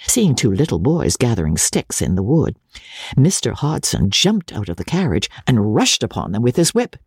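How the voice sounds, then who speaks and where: Lively, gravelly audiobook narrator. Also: mid-range voice, moderate pace, no echo, studio quality. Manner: lively, expressive storytelling. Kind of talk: first-person letter narration.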